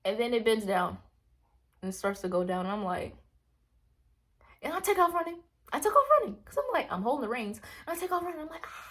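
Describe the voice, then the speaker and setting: A woman vlogger casually telling a rambling personal story, acting out her own reactions in hushed asides. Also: a little high, brisk, pauses often. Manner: animated, rambling, quotes herself in hushed asides.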